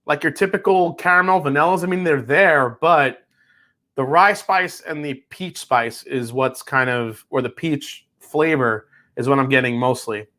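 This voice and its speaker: A man's voice: on the high side, unhurried, pushed and bright. A man hosting a live whiskey tasting stream, chatting casually and swearing now and then. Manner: laid-back, swears casually, laughs easily. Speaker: whiskey reviewer, livestream host.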